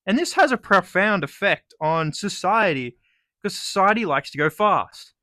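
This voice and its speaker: A man's voice: sits high, lively intonation, moderate pace, bright, forceful tone, no room sound, studio quality. A young man with an Australian accent delivering a sarcastic, sweary comedic rant. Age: young adult. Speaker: vlogger.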